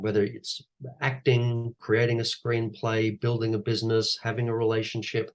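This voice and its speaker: Animated man giving advice. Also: medium pitch. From Australia. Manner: animated storyteller who repeats key phrases. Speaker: guest speaker, actor and teacher. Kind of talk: conversational coaching talk.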